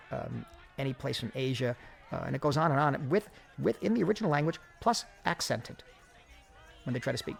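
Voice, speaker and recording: A man talks through a film commentary in a deeply gravelly, creaky voice. He thinks aloud with many pauses and restarts, and faint music plays behind him. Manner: reflective, many fillers and restarts. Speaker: film director giving commentary. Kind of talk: audio commentary.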